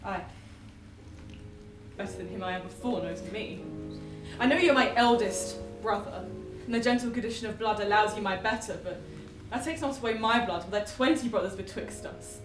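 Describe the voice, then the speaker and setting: A woman's voice: medium pitch, moderate pace, roomy sound, music in the background, close to an everyday voice. Woman playing a defiant young brother. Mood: resentful. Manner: defiant, declamatory. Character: proud wronged youngest brother. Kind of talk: amateur stage acting.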